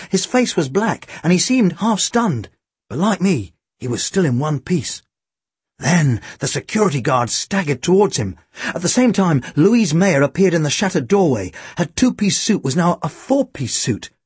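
A man reads a first-person story aloud in a husky, breathy voice that moves all over its range. He lands wry, deadpan asides, and the recording is dry, close and free of room sound. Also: on the high side, no room sound. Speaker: audiobook narrator.

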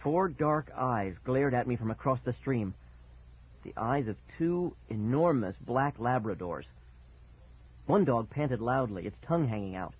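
A man reading a first-person story aloud with expressive, dramatic delivery and a husky voice. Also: mid-range voice, unhurried. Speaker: audiobook narrator. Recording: tinny phone-like sound.

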